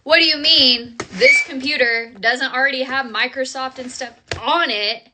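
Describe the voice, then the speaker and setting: A woman's voice: sits high, steady tone, unhurried, sharp tone, slight background noise. A woman ranting in an exasperated, sarcastic way in a vlog.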